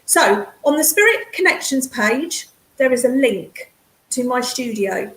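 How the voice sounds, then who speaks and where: A woman, a psychic medium chatting casually and excitedly with viewers on a live stream, calling them darling and hun. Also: fairly high pitch, measured pace, echoey room, poor audio. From English Midlands. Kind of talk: casual livestream chat with viewers. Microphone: computer mic on a streaming setup.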